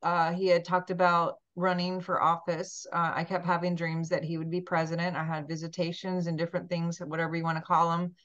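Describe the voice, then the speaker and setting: A woman's voice: on the low side, level tone, a little fast, hardly any pauses, a bit bright. A woman hosting a podcast in casual chat, gushing and chatty with many ums, talking over a video call. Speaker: podcast host. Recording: dull lo-fi sound.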